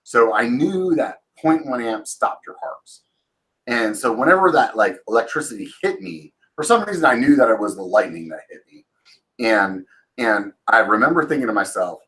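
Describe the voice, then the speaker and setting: A man's voice: mid-range voice, very animated, a little fast, fairly bright tone, low-quality recording. A man in his forties telling a long story casually as a channel host, swearing freely and rambling with fillers and restarts, now and then acting out quotes in a raised voice. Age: 40s.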